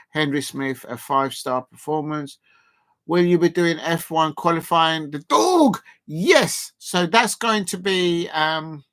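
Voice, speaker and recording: Chatty man, higher voice. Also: a bit bright. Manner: rambling, many fillers and restarts. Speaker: live streamer. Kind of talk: casual live stream chat, reading out viewer comments.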